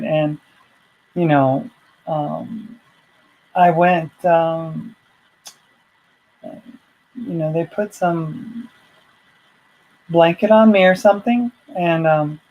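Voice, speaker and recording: Slow, rambling woman telling a story. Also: deep voice, lo-fi sound. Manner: rambling and chatty, full of asides. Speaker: vlogger. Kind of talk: casual personal storytelling.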